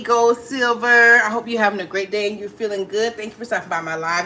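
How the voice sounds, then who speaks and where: A woman's voice: mid-range voice, brisk, few pauses, pushed and bright, a little hiss or hum. A middle-aged woman hosting a casual live stream, chatty and affectionate, greeting viewers and talking through her opinions with many fillers. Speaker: livestream host.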